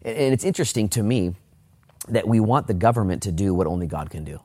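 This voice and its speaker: A male pastor with a fairly low voice delivers a casual, animated sermon from a church. He reads scripture aloud, then drops into quick high-pitched character voices for the people in the story. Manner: animated, acts out Bible figures in a high put-on voice. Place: church, online service during lockdown.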